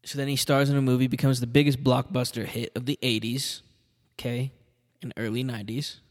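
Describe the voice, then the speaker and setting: A man hosting a solo podcast at a mid pitch, rambling and swearing a lot. He riffs loosely and leans on filler words. A long reverb hangs in the room. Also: flat delivery, a little fast. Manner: rambling, profane, with laughs. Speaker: podcast host. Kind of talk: casual solo monologue.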